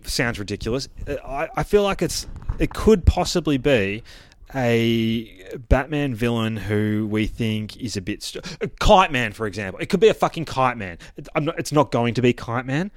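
A man's voice: medium pitch, animated, normal speed, dry recording. A man hosting a podcast, casually recapping a comic book in a rambling, profane way. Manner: profane, rambling, acts out characters' lines. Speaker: podcast host.

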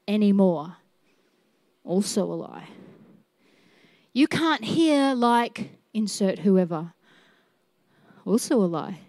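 Woman preacher for a teaching session, slow and playful, light laughs, questions to the room, dry close sound. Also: medium pitch, lively intonation, darkish tone, no echo. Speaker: teacher at a church. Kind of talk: sermon teaching.

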